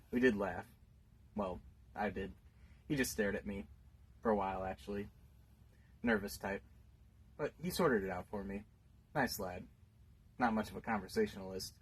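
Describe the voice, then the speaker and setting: A man's voice: fairly low pitch, a little fast, long pauses, slightly rough, poor audio. An older man, rambling wryly to a stranger on a bus in a dry comic monologue. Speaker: bus passenger.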